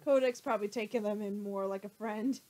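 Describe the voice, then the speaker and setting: A woman's voice: medium pitch, fairly even intonation, brisk, warm tone, low-quality recording. A woman co-hosting a casual livestream, reading out chat questions and laughing often.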